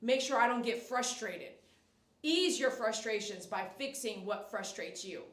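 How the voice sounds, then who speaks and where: A woman's voice: on the high side, measured pace, fairly bright tone, distant mic. A middle-aged woman dog groomer chatting on a live stream in her salon, giving emphatic, repetitive advice and coaxing a dog. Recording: echoey room, voice off-mic.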